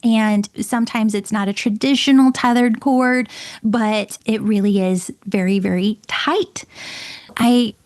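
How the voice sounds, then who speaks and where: A middle-aged woman hosting her own show, telling a personal story in an emphatic, excitable way and often repeating words. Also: a little high, measured pace. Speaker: podcast host and medium.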